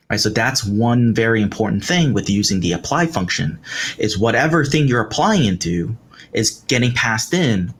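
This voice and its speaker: This instructor's lowish voice is a bit bright with a breathy edge as he teaches live coding, explaining one step at a time with fillers like "um" and "right." Typing can be heard in the background.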